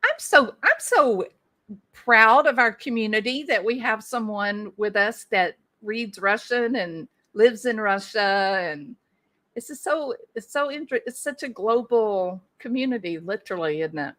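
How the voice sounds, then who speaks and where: A woman's voice: on the high side, expressive, measured pace, fairly bright tone. A woman hosting a casual livestream, chatting and answering viewer comments, thinking aloud with restarts and small laughs. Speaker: livestream host.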